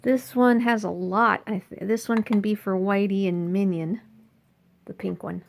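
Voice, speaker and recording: Slow-talking woman cooing at her birds. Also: steady tone, vocal fry, slight background noise. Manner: playful, chatty, coos at the birds in a high sing-song voice. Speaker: bird owner and vlogger. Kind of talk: casual home vlog, talking to her pet birds. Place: at home beside the birdcages, indoors.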